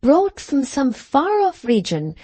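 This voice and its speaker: A woman reading a classic novel as an audiobook narrator, in a measured storytelling manner. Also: high-pitched, wildly swooping pitch, dark tone, dry recording. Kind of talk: scripted narration.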